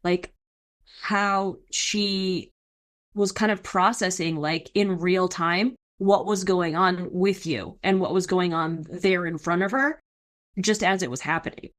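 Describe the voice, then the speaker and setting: A woman's voice: on the low side, steady tone, slow, a bit bright. A woman interviewer reflecting in a thoughtful, hesitant way, full of filler words. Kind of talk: casual conversation.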